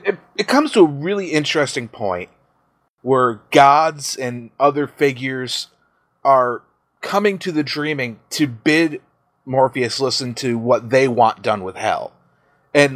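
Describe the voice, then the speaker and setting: A man's voice: medium pitch, fairly bright tone, dry recording. A man hosts a podcast and retells a story in a loose, profane way. He often breaks into laughs and asides. The recording is close and dry, with no room sound. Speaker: podcast host. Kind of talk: casual chat retelling a story.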